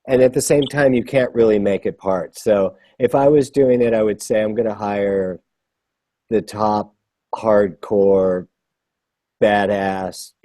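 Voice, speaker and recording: A man's voice: on the low side, fairly even intonation, slow pace, mellow, no echo. A man chatting casually as a guest composer, rambling and self-deprecating with enthusiasm. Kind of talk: casual live chat.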